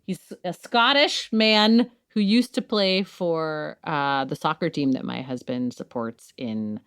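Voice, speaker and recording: A woman's voice: deep voice, takes it slowly, a bit bright, clear, resonant tone. A woman podcast co-host doing a casual, joking host-read ad and laughing often.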